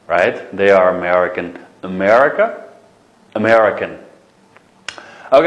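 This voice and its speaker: A man teaching an English vocabulary lesson, repeating each word and answering his own questions. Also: lowish voice. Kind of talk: classroom lesson, mixing Uyghur and English. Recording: echoey room.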